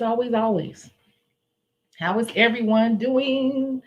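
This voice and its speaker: A chatty woman with a Chicago accent hosts a casual livestream from home. She talks bluntly and forcefully and laughs often as she greets viewers. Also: a little high. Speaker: nail tech livestream host. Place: indoors at home.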